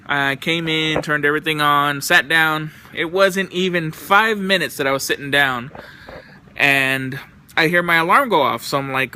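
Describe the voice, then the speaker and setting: A young man vlogs loose, profane anecdotes about everyday annoyances. His voice is very bright and sharp and pitched somewhat high, and he tells his stories with an exasperated edge. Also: moderate pace, slight background noise. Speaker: vlogger. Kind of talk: casual storytelling.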